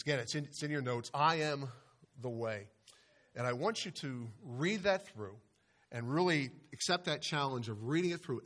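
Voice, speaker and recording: A man delivers a Sunday sermon into a microphone in a church. His voice sits in an ordinary middle pitch, and he leans hard on one word at a time before sinking low again. He often breaks off and restarts his sentences. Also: fairly bright tone. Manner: preaching with emphatic stresses and pauses, many restarts. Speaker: pastor. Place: church sanctuary. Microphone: microphone over a speaker system.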